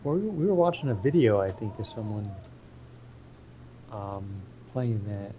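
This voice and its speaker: A man playing a co-op game with a friend, talking in a halting, laid-back way and asking lots of questions. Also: fairly low pitch, expressive, mellow, dull audio, slight background noise. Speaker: co-op gaming partner. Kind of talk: casual gameplay chat.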